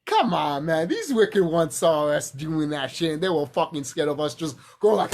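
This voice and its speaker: A man's voice: high voice, sing-song, moderate pace, hardly any pauses, noisy background. A man talking in a casual, rambling vlog monologue, emphatic and profane, repeating himself and laughing often. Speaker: vlogger.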